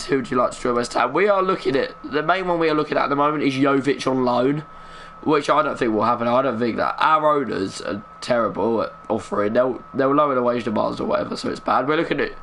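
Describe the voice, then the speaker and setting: A young man giving live commentary while playing a football video game, keeping his voice down, chatty and muttering with bursts of excitement. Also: medium pitch, a little hiss or hum. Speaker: gaming streamer.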